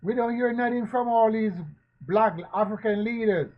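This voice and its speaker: A man giving spoken commentary, asking questions again and again and preaching in a slow, emphatic way. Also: high voice. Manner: rhetorical, repetitive questioning. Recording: dull lo-fi recording.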